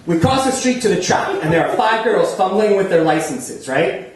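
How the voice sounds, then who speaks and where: A man from New Jersey tells a self-mocking comic story live on a small theater stage, chatting and laughing as he goes. His voice sits high and is expressive, at a normal speed. The room is echoey, and he sounds far from the microphone.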